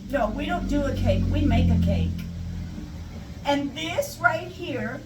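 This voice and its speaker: Woman, english teacher, high voice, slow, chatty, echoey room, distant mic. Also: lively intonation. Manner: chatty, goes off on tangents, repeats example questions. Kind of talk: live English lesson for Spanish speakers. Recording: static, echoey, mic far off.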